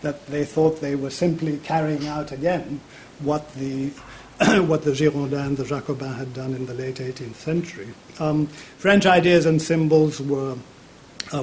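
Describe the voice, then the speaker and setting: A man's voice: on the high side, steady tone, moderate pace, darkish tone, slight background noise. Hesitant man giving a public lecture. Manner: hesitant, many fillers and repeated words. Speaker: university politics lecturer. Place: university lecture theatre.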